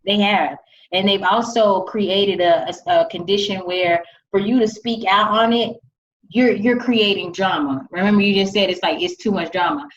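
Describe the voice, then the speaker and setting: A woman in a casual podcast discussion who lays out her points in a measured, lecturing way. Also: medium pitch, fairly even intonation, slight background noise, rough recording. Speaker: podcast co-host.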